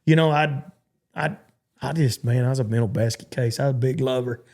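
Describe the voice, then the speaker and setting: Speaking briskly at a medium pitch, this Texan man in his forties has a darkish tone. He's a cowboy guest on a podcast interview, and his storytelling rambles and keeps starting over.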